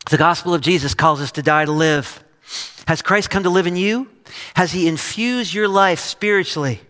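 Middle-aged male pastor, sermon delivery, slightly high and bright, long hall reverb. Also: moderate pace. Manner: storytelling with acted quotes and laughs. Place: church stage.

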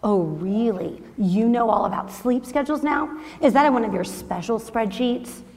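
A woman's voice: a little high, normal speed, darkish tone, big-room sound, close to an everyday voice. An actress playing a wry, teasing young mother in a church skit. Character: dry, teasing young mom.

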